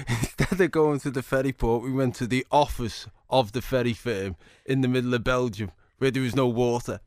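Male comedian, chatty anecdote-teller, middle pitch, close dry mic. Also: moderate pace, hardly any pauses, no room sound. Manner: jokey, animated anecdotes with acted-out quotes. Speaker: comedian, interview guest. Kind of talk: casual storytelling interview.

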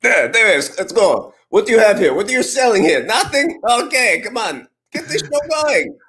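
A man's voice: high-pitched, sing-song, normal speed, fairly bright tone, voice pushed up. A man putting on a pushy old-school marketer with a Russian accent.

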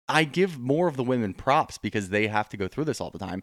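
Male co-host, mid pitch, blunt opinionated rants, dry close mic. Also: expressive, fairly quick, hardly any pauses, no room sound. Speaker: podcast co-host. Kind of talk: casual reality TV recap chat.

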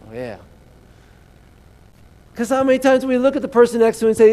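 A man's voice: high voice, racing, warm tone. A man preaching a sermon as a pastor, telling the story dramatically and calling out to his congregation. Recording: long hall reverb.

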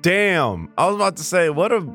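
Lively slangy male co-host. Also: sits high, normal speed, faint music behind. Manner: reactive, laughs easily, slangy. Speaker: podcast co-host. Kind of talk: casual podcast banter.

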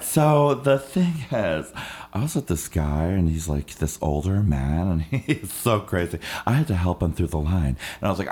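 A man's voice: animated, moderate pace, a little mellow. A man telling a comic travel story, acting out the people he meets in mocking voices. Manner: acts out other people in high mocking voices.

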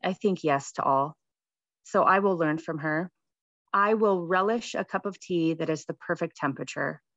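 Woman, low voice, gentle reflective essay reading, dry, muffled sound. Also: moderate pace, dry recording.

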